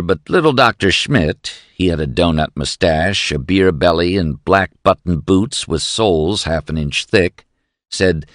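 Slow, expressive male audiobook narrator. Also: sits low, dry recording, studio quality. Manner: measured, expressive storytelling.

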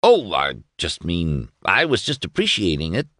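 A man's voice: sits low, huge pitch swings, moderate pace, a bit bright, dry recording, clean studio sound, exaggerated voice. A man voicing a pompous, overly cordial young male lawyer with stiff, formal, senatorial speech in an audiobook reading.

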